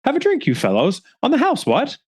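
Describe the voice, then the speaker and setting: A gruff old retired colonel, as a man puts him on, old-fashioned and blustery, his voice rising and dropping in lively swings. He is henpecked but puffs himself up. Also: very high voice, brisk, pitched above the performer's own voice, full character voice. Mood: jovial.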